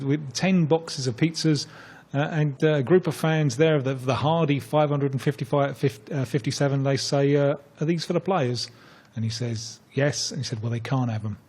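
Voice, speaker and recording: Husky guy doing football punditry on a radio phone-in, kinda high voice, keeps stumbling over words. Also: darkish tone. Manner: hesitant, repeats words, storytelling.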